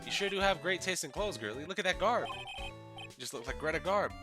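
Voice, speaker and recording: A loud, goofy male circus clown with a high, shouty voice, pushing his corny jokes on everyone, as a man puts him on for a game playthrough. He delivers every line with big energy. Loud game music plays behind him. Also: expressive, brisk, lightly acted. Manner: cracks corny jokes and pushes for laughs.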